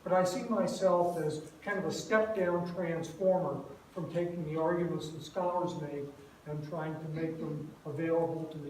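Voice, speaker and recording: A retired older man speaks to a student audience in a very echoey hall, heard from a distance. His voice sits a little high for a man, and he keeps it relaxed and self-deprecating, with plenty of uhs between thoughts. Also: a little hiss or hum. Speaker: guest speaker. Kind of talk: lecture to a campus group. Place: large echoey room. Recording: echoey room, far from mic.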